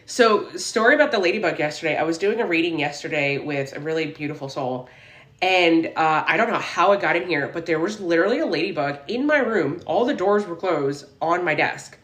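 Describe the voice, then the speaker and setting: A woman's voice: fairly low pitch, expressive, brisk, a bit bright, roomy sound. A woman hosting a casual livestream from her room as a spiritual reader, reading viewer comments aloud in an upbeat, affirming way. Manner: upbeat and affirming, preachy about mindset.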